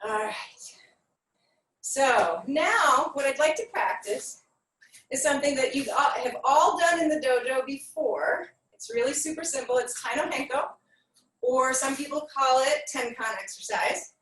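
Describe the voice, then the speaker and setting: A woman's voice: high voice, measured pace, fairly bright tone, echoey room, far from the mic, poor audio. Breathless woman teaching a kids' aikido class. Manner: counts aloud in Japanese, encouraging instructions. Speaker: aikido instructor. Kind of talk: online exercise class for kids.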